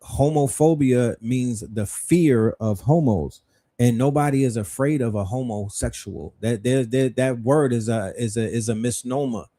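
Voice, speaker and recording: A man's voice: medium pitch, measured pace, warm tone. A middle-aged man hosting a livestream, speaking in a rhetorical, questioning style with blunt profanity. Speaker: livestream host. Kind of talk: livestream commentary.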